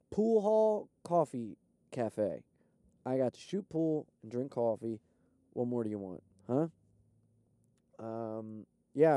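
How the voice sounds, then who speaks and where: Profane, excitable comedian rambling from his car. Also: fairly high pitch, no room sound, clean studio sound. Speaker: touring stand-up comedian. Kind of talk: casual vlog chat. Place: parked car.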